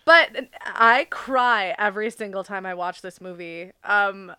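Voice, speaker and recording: A woman's voice: mid-range voice, measured pace, bright, forceful tone, a little hiss or hum. A young woman co-hosting a podcast, talking in an emotional, giggly way with lots of fillers about a movie. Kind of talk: casual movie discussion.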